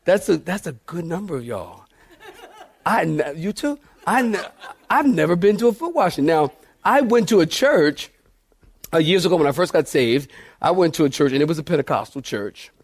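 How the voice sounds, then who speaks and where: Preacher guy, high voice, jokey sermon, laughs a lot with the crowd. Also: big pitch swings, normal speed, husky. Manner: playful, laughing often, talks to the congregation. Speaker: pastor. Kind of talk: humorous storytelling sermon. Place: church in front of a congregation.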